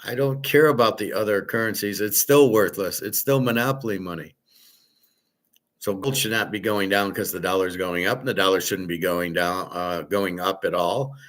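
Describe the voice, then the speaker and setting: A man's voice: deep voice, moderate pace, a bit bright. A man hosting a show, ranting bluntly and profanely in commentary. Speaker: show host.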